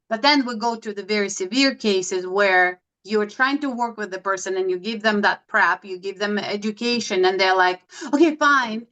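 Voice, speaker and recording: A woman's voice: medium pitch, lo-fi sound. A middle-aged woman from Russia with a Russian accent, telling stories in conversation and acting out quoted dialogue. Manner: animated, acts out quoted dialogue. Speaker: guest. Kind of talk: conversational storytelling.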